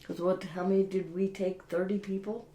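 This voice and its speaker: A woman's voice: lowish voice, little pitch movement, normal speed, mellow. A woman co-hosting a casual podcast chat, talking through plans in a plain, matter-of-fact way. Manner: matter-of-fact, planning aloud. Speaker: podcast co-host. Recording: echoey room.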